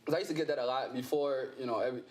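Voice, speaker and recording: A man's voice: mid-range voice, rapid-fire. A man being interviewed as a comedy guest, talking in a playful, joking way with lots of fillers. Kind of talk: casual interview chat.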